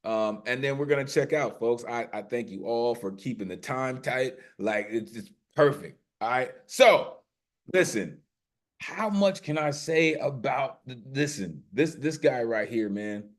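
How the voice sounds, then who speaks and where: A man's voice: medium pitch, animated, measured pace. A man hosting an online poetry open mic over a video call, talking in a loose, hyped way and calling people "man.". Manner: warm hype, repeats "listen" and "man". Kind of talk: casual hosting chat and spoken word. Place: home via video call.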